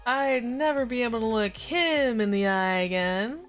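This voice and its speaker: A woman voicing a flamboyant, smooth-talking male police inspector with a drawl. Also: fairly high pitch, moderate pace, faint music behind, lightly acted. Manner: drawling, calls people baby.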